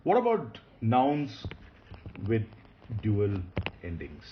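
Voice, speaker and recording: A man teaching Hebrew grammar in a recorded lecture, patient, repeating key points and often pausing with fillers. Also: lowish voice, wildly swooping pitch, highs cut off, a little hiss or hum.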